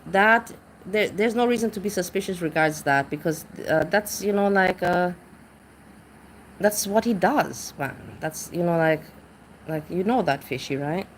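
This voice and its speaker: Rambling low-voiced woman streamer. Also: measured pace, a little hiss or hum, rough recording. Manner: rambling, searches for words, restarts often. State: intoxicated. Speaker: livestreamer reading chat. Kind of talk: casual livestream chat.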